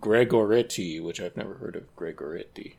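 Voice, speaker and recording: A man co-hosting a podcast, rambling through a casual film discussion and breaking into quick impressions of characters. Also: deep voice, creaky, husky. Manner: rambling, animated when mimicking characters. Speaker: podcast co-host.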